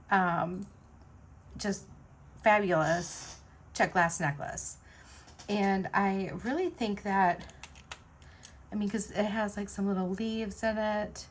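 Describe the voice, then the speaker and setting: This woman vlogger has a mid-range voice and rambles casually, full of filler words, as she works on beaded jewelry at home. There's a bit of background noise.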